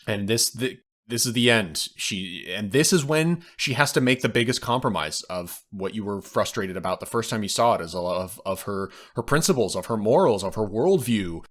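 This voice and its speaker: A man's voice: on the low side, expressive, moderate pace, hardly any pauses, fairly bright tone. A man co-hosting a podcast, casually retelling film scenes and acting out the quoted lines. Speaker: podcast co-host. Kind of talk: casual film review chat.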